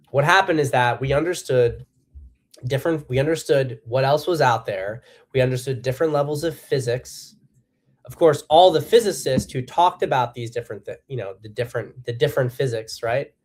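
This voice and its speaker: A man's voice: mid-range voice, moderate pace. A man giving solo political commentary as host, blunt and profane, with emphatic bursts. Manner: acts out quotes in a harsh voice.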